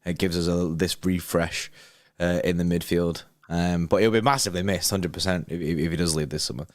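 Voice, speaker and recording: A man's voice: deep voice, steady tone, fairly quick, no echo, studio quality. A young man co-hosting a casual football livestream, chatty, laughing often and reading out viewer messages. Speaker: livestream co-host.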